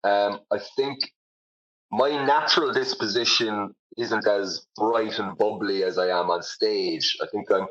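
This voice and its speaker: A man's voice: lowish voice, unhurried, a bit bright, dull audio. A young Irish man, a comedian, chatting casually in an interview, self-deprecating, with lots of fillers. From Ireland. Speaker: comedian guest.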